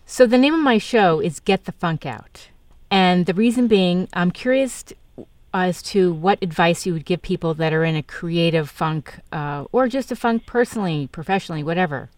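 Interview host with a dry, close sound. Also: female voice, fairly low pitch, animated, moderate pace, no room sound. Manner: warm, reactive, frequent affirmations. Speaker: podcast host. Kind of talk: interview conversation.

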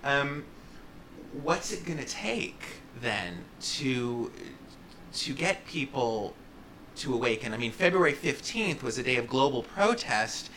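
A man hosts a radio interview, posing earnest and thoughtful questions. His voice has a bright, sharp edge at a middling pitch. Faint noise sits under the recording. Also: rough recording. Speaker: radio host and teacher.

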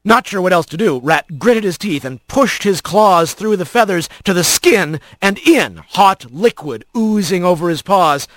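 A man's voice: high-pitched, animated, measured pace, few pauses, fairly bright tone, dry recording. Male audiobook narrator, vivid and tense, close dry mic.

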